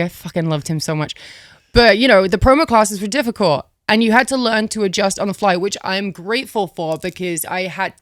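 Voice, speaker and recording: Animated, foul-mouthed woman telling stories. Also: medium pitch, dry recording. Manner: animated, swears freely, laughs while telling stories. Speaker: interview guest, former pro wrestler. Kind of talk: casual interview storytelling.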